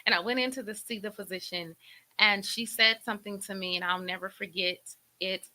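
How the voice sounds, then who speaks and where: A middle-aged woman hosts a faith talk show, her voice very bright and sharp. She tells a painful personal story in an emotional, preacherly way, circling back and repeating words as she speaks. The delivery is that of a heartfelt testimony to listeners. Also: mid-range voice, steady tone, a little fast, low-quality recording.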